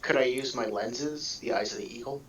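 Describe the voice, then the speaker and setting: A man's voice: mid-range voice, normal speed, a bit bright, highs cut off, slight background noise. A man playing a tabletop game, speaking hesitantly with laughs between words. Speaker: player. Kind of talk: tabletop game chat over a call.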